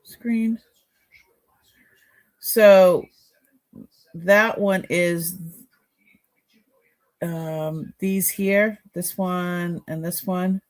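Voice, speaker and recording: A woman's voice: fairly low pitch, fairly even intonation, extremely slow, long pauses. A woman with a Boston accent chatting casually on a live stream, musing aloud as she examines jewelry for sale. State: sore neck.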